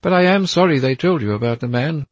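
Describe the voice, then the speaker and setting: A man doing a nervous, brooding young gentleman. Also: a little high, expressive, quick pace, no room sound, voice pushed up. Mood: anxious. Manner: raised, pleading and anxious.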